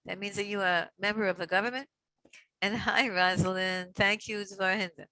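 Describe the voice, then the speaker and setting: A middle-aged woman teaching a Torah class on a video call, chatty and warm, greeting each listener by name. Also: mid-range voice, steady tone, no echo. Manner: reads Hebrew verses slowly for others to repeat.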